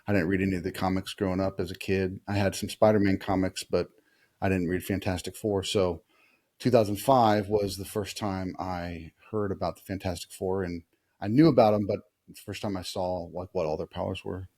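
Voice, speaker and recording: Mellow low-voiced man quizzing kids. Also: steady tone. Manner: easygoing, asks kids questions, many "uh" pauses. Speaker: podcast host talking with kids. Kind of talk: casual movie chat.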